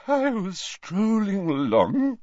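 A man voicing an eccentric older woman seer with a shrill, slow, drawn-out way of speaking. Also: huge pitch swings, a little mellow, no room sound, full character voice. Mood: theatrical. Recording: dry, dull lo-fi.

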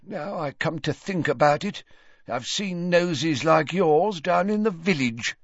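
A man's voice: sits high, very animated, slow, pushed and bright, slightly rough, no echo, pitched above the performer's own voice, heavily acted. A man doing a snarling hostile old man. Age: older. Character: aggressive elderly male cottage-dweller, sneering. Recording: dull dry lo-fi recording.

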